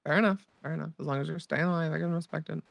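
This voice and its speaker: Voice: mid-range voice, steady tone, rapid-fire, creaky, no room sound. A player chatting in character during a roleplay, gossipy and hesitant with casual swearing.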